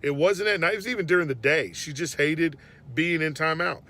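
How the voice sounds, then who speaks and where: A man telling an earnest, reflective faith story about his daughter, often dropping to a hush. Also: on the high side, brisk. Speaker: father sharing a faith reflection. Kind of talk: personal devotional storytelling.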